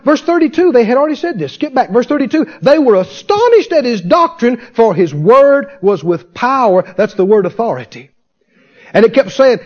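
A man preaching a fervent sermon, firing rhetorical questions at his congregation and answering them himself. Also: very high-pitched. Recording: dull lo-fi sermon recording.

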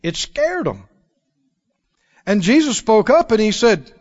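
Preacher, man, high lively voice, emphatic and laughing, muffled lo-fi recording. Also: slow pace, long pauses. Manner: animated, emphatic, laughs often. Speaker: pastor. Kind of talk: sermon. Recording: dull lo-fi recording.

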